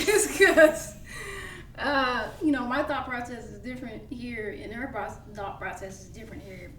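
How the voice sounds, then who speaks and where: Woman co-host, thoughtful and halting, higher voice, distant echoey mic. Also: fairly even intonation, fairly bright tone. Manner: measured, reflective, many fillers. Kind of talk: casual podcast conversation. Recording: roomy, distant mic with faint noise.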